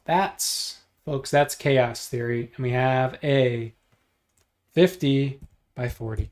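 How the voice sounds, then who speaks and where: A man hosting a livestream, chatting casually and thinking out loud as he builds 3D models, joking and teasing himself along the way. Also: medium pitch, slow pace, long pauses. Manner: joking, self-deprecating, thinks out loud while clicking. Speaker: livestream host modeling in 3D software. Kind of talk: casual livestream chat while working.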